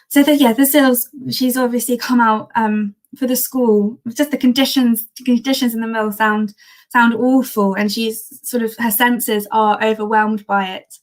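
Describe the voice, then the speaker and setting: A woman's voice: fairly high pitch, steady tone, moderate pace. Chatty woman presenting archive history. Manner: chatty, many ums and restarts, enthusiastic. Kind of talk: live-streamed history talk.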